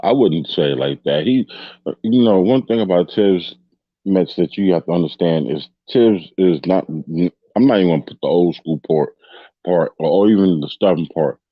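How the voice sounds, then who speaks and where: Deep-voiced man hosting a loose fan podcast. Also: moderate pace, husky, dry recording, muffled recording. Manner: rambling, loose and chatty, with many restarts and tag questions. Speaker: podcast host. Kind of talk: casual fan podcast discussion.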